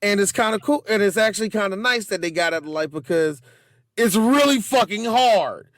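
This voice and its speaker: A man's voice: high-pitched, lively intonation, moderate pace, a bit bright, no echo, clean studio sound. A man co-hosting a movie podcast, chatting loosely, laughing often and acting out scenes. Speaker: podcast co-host. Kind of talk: casual movie podcast chat.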